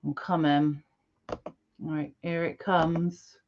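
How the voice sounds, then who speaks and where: A woman's voice: low-pitched, flat delivery, slow, lo-fi sound, a little hiss or hum. A woman co-hosting a podcast in casual, playful, teasing chat. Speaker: podcast co-host.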